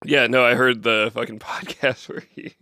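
A man's voice: medium pitch, steady tone, sharp tone, dry recording, studio quality. A man co-hosting a podcast in casual banter, laughing often, swearing and joking. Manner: laughing, swearing, quick to joke. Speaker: podcast co-host.

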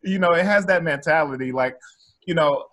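A man who coaches spirituality, talking in a casual chat, amped and animated, laughing often. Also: fairly high pitch, normal speed. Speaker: spiritual coach and former actor.

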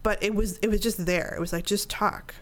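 A woman's voice: mid-range voice, steady tone, quick pace. A woman in her thirties, a podcast guest, telling a personal story in casual conversation and acting out her own inner dialogue.

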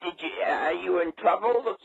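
A confused older man on the phone who keeps repeating his questions and asks the caller to speak louder. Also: high voice, normal speed, gravelly, slightly rough, no echo. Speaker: prank call target. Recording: dry, dull phone audio.

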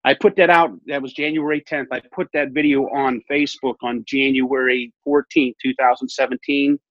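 A man's voice: medium pitch, moderate pace, dry recording. A man in his thirties casually telling a personal story in an interview, acting out the dialogue with repeated phrases. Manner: animated, acts out quoted dialogue, repeats phrases. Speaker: guest telling his weight-loss story. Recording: muffled lo-fi audio.

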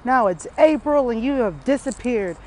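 A woman's voice: on the high side, animated, normal speed, darkish tone, a little hiss or hum. A woman leaving a playful, teasing voice message for a podcast host. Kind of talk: casual voice message.

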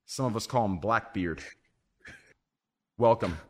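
A man hosts a casual group podcast in a somewhat low voice. He jokes and rambles as he introduces the cast, often trailing off and restarting. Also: a little slow, darkish tone. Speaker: podcast host.

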